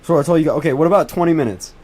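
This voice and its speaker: A man's voice: on the high side, rapid-fire. Pleading, repetitive teenage boy streamer. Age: teens. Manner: pleading, whiny, repeats himself over and over; swearing, excitable bursts when spotting storms. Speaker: livestream host tracking storms. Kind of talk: casual livestream commentary to chat.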